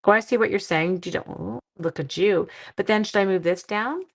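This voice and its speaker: A woman's voice: medium pitch, brisk, vocal fry. A middle-aged woman from Canada hosting a card-making livestream, chatting playfully with viewers while she works. She sounds tired. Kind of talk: casual crafting livestream chat.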